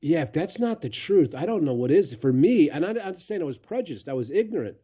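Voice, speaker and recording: A man's voice: on the high side, big pitch swings, fast, warm tone, husky, dull audio. A man from Chicago telling candid, profane stories as a podcast guest, turning reflective as he goes. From Chicago, USA. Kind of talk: casual storytelling.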